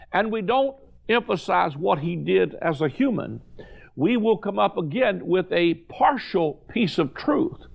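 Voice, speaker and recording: A high-pitched man preaching with a gravelly, creaky edge to his voice. He is emphatic, hammering key words again and again and stretching scripture out slowly. The delivery is a sermon to a following.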